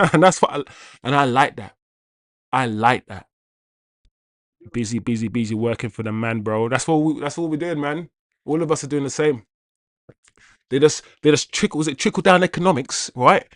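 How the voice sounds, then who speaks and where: A man's voice: mid-range voice, moderate pace, long pauses, fairly bright tone, no echo, studio quality. A man hosting a live football watch-along stream, talking casually and chattily to his viewers, repeating himself and greeting viewers by name.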